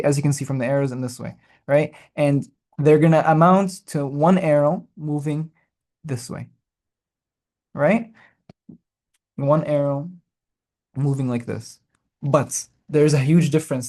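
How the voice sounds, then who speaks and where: A man's voice: on the high side, dark tone. Man lecturing, checking in with "right?". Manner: repetitive, checks in with "right?", restarts phrases. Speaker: medical lecturer. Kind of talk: whiteboard lecture explaining while drawing.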